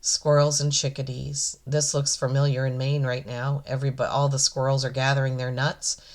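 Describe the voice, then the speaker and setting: A woman's voice: a bass voice, little pitch movement. A woman energy healer giving an oracle card reading, reverent and gushing, emotional and near tears. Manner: slow, reverent and gushing, often moved.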